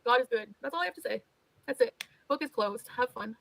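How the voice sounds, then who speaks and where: Fast-talking exasperated woman streamer. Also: on the high side, expressive, gravelly, crowd noise, low-quality recording. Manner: exasperated, swearing, resigned. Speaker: streamer in a played clip. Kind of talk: venting on a livestream.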